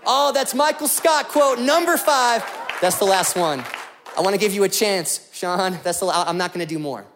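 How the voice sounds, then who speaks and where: A man's voice: sits high, animated, normal speed, fairly bright tone, some chatter behind. A young man preaching a sermon as a pastor, joking and telling stories with animation.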